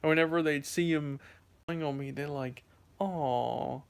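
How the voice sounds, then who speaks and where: A man's voice: fairly high pitch, little pitch movement, a little fast, clean tone. A sleepy young man vlogging, telling a rambling story to his viewers with lots of fillers and restarts. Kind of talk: casual storytelling to camera.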